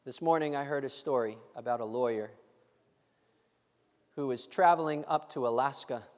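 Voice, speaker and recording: A man's voice: mid-range voice, normal speed. A man preaching a sermon, telling a story and acting out the voices of its people. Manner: animated, acts out voices in the story. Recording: long hall reverb.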